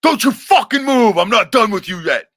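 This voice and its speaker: A man putting on the voice of his violent, short-tempered father, shouting curses in a higher, louder voice. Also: animated, moderate pace, vocal fry, no room sound, studio quality, exaggerated voice. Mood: yelling in rage. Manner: shouting, cursing threats.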